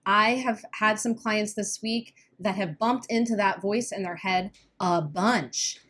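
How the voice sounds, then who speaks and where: A woman talking on a casual podcast, coaching listeners with earnest energy. Her pitch is mid-range, and she breaks into quick nervous laughs. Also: a bit bright. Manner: earnest, laughs when uneasy, quick bursts. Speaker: podcast co-host, weight-loss coach.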